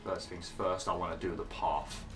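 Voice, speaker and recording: Hoarse man giving casual gameplay commentary. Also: low-pitched, little pitch movement, moderate pace, over music. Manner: explains step by step with many fillers. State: hoarse, losing his voice. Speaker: gaming channel host.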